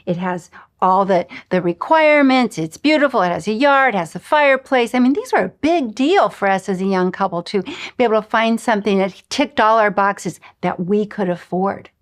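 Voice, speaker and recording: Middle-aged lady teaching a spirituality lesson, lively storyteller, acts out the dialogue, mid-pitched voice. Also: normal speed. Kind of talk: recorded lesson with personal stories.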